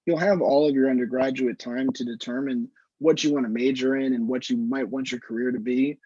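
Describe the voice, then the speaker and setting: Husky-voiced male doctor on a muffled call. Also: mid-range voice, steady tone, warm tone, no echo. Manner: measured, explanatory, frequent "standpoint" phrasing. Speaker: anesthesiologist answering student questions. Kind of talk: casual advice in an online Q&A. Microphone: video call. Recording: muffled, slightly lo-fi video call audio.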